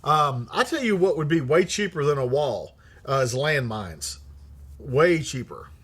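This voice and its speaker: A middle-aged man with a husky voice runs a casual livestream and reads out viewer comments. His delivery is blunt and full of profanity, and he laughs often. His pitch sits fairly high and swings widely as he talks. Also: animated, moderate pace, fairly bright tone. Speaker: livestream host.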